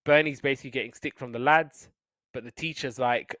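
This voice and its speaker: A man's voice: mid-range voice, steady tone, brisk, a bit bright, no echo. A man chattily recapping cartoon episodes, often acting out the characters' lines. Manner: chatty, acts out lines in quotes. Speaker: podcast co-host.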